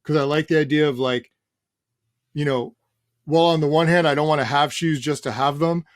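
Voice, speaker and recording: A middle-aged man chatting casually as an interview guest, relaxed and rambling, swearing now and then. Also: a little high, normal speed, no echo, studio quality. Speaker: guest, sneaker journalist.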